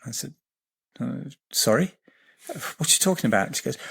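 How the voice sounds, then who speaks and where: A man's voice: mid-range voice, expressive, normal speed, vocal fry, pauses often, fairly bright tone, breathy edge. A middle-aged man, a guest, telling a long anecdote in a rambling, hesitant way with many fillers and restarts. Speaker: guest, geobiologist and healer. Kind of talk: anecdotal storytelling in an interview.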